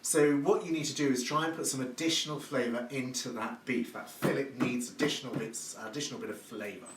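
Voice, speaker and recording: A man's voice: medium pitch, a little fast. A man hosting a live cooking demonstration from his kitchen, chatty and effusive and full of praise words. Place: home kitchen. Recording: echoey room, distant mic, background noise.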